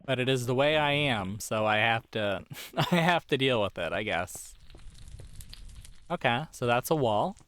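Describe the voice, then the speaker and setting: A man's voice: medium pitch, lively intonation, a little slow, a bit bright. A man hosting a casual let's play, rambling and self-deprecating as he plays. He is losing his voice. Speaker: gaming channel host. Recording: game music playing under voice. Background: game music.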